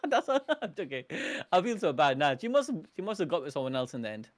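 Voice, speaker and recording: A man hosting a live manga reaction, reading the panels aloud and breaking in with slangy, excitable asides and frequent laughter. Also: on the high side, moderate pace. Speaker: anime reaction streamer.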